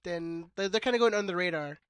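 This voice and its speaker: Fast-talking high-voiced man with a cold. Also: a bit bright, clear, resonant tone, no echo. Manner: fast, joking, swears freely. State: sick with a cold. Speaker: podcast co-host. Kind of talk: casual sports podcast banter.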